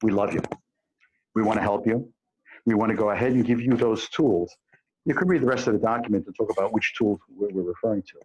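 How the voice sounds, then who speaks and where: A man's voice: fairly low pitch, brisk, a little mellow, slightly rough, muffled recording. A man speaking as an expert on a panel, explaining through vivid everyday examples with frequent hesitations. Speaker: panel expert on immigration to Israel. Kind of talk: panel discussion talk. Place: based in Israel.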